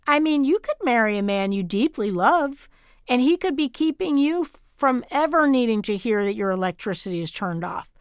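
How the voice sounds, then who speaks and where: A woman's voice: fairly high pitch, lively intonation, normal speed, smooth, dry recording, clean studio sound, natural voice. A woman reading as an upbeat girl. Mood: encouraging. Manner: folksy, encouraging, earnest. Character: upbeat young Southern woman pageant hopeful.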